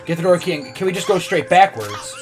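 A man talks his way through a game in a loose, rambling way, wandering off topic and cursing casually. His pitch swings up and down a lot, with faint music underneath. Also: big pitch swings, brisk. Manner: rambling, swears casually, laughs often. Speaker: let's play gamer. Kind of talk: casual gameplay commentary.

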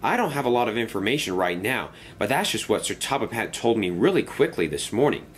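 A man voicing a kind, wise male engine who speaks gently and reasonably. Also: fairly low pitch, big pitch swings, brisk, a little hiss or hum.

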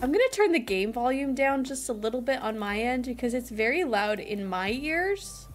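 A woman's voice: fairly high pitch, expressive, moderate pace, faint music behind. A young woman streamer chatting playfully and teasing her friends while gaming. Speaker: streamer, game host. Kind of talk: casual gaming stream chat.

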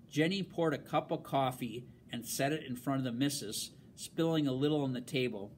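A man reading a novel aloud in a halting way, stumbling over words and filling pauses with um and uh. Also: medium pitch, darkish tone, slight background noise. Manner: halting, with fillers and restarts. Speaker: reader.

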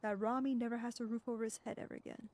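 A woman's voice: a little high, flat delivery, racing, darkish tone. A woman in a role-play game clip, ranting spitefully and wishing harm on rivals.

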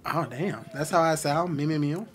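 A man's voice: fairly high pitch, lively intonation, brisk, a bit bright, slight background noise. An American man hosting a casual video chat, teasing and provoking with jokes. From United States.

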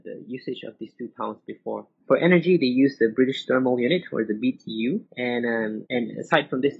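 Methodical male lecturer at mid pitch, spelling symbols letter by letter; dull lo-fi recording. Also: vocal fry. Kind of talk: recorded lecture over slides. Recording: muffled old recording with faint hiss.

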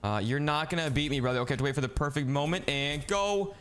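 A woman playing a bickering low-voiced kid sister. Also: quick pace, slight background noise, lightly acted. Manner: excitable, bickering, keeps saying brother. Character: competitive kid sibling, older sister. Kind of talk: playing a video game, live commentary.

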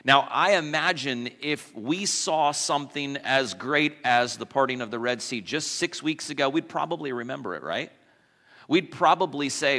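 A man's voice: medium pitch, expressive, moderate pace, bright, forceful tone. A male pastor preaching a sermon in a casual, conversational way, asking the congregation questions and adding light asides. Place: church sanctuary. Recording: long church reverb.

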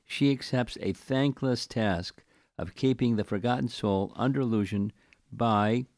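An older man giving a scripture class, reading a long commentary slowly and deliberately and explaining it to his listeners. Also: medium pitch, a little mellow, no room sound, studio quality. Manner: slow, deliberate reading with chanted verse recitation.

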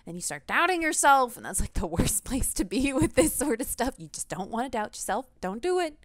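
A woman's voice: on the high side, sing-song, a little fast, no echo, studio quality. A young woman venting animatedly in a casual vlog rant, laughing often. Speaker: gaming vlogger.

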